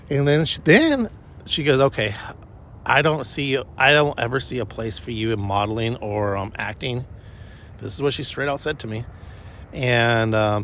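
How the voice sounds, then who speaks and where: A man's voice: mid-range voice, a bit bright, a little hiss or hum. A man vlogging casually on a morning walk with his dog, telling a rambling personal story with restarts and swearing.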